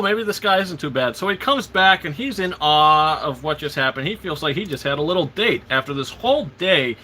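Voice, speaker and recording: A man's voice: fairly high pitch, bright, forceful tone, a little hiss or hum. A man hosting a casual live film commentary, retelling scenes with enthusiasm and stammered restarts. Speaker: host.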